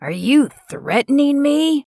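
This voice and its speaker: Storybook antagonist: woman reading a pushy man, placating with an edge, slow and dry. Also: fairly low pitch, no echo, natural voice. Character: pushy man, pleading then sneering.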